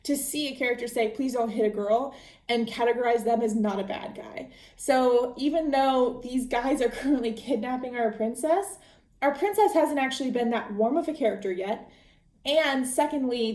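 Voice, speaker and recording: A woman's voice: a little high, warm tone, echoey room. A young adult woman hosting a podcast, chatting casually through a book recap, laughing often and full of fillers. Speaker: podcast host.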